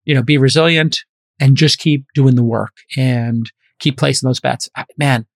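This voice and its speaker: A man's voice: medium pitch, steady tone, moderate pace, gravelly, dry recording, clean studio sound. A man in his fifties, an investor hosting a podcast, talking in a casual, emphatic and preachy way. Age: 50s. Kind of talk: casual chat.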